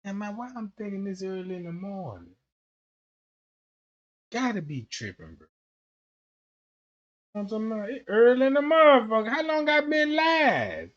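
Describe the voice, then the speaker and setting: A young man livestreaming, telling stories in a casual, slangy, animated way. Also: sits high, moderate pace, long pauses, muffled recording.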